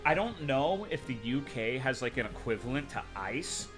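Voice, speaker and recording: A man's voice: mid-range voice, big pitch swings, moderate pace, music in the background. A young adult man streaming live, chatting casually with his chat in a crude, rambling, sarcastic way.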